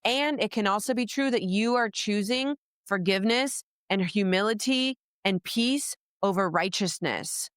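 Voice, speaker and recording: A woman's voice: mid-range voice, measured pace, fairly bright tone, smooth, no echo, clean studio sound. A woman hosting an interview podcast, asking thoughtful questions and reflecting back on her guest's words. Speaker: podcast host.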